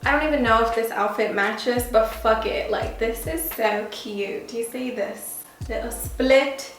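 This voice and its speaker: A woman's voice: a little high, unhurried. A woman hosting a casual try-on vlog at home, playful and chatty, sometimes breaking into song. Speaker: YouTuber. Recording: very echoey room, faint music.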